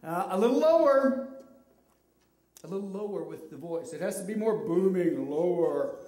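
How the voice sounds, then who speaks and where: In a church children's room, a children's ministry leader directs kids through a Bible skit, cheering them on and feeding them their lines one at a time. The delivery is lively and encouraging, in a mid-range voice at a moderate pace. The mic sits at a distance, giving a roomy, hall-like sound.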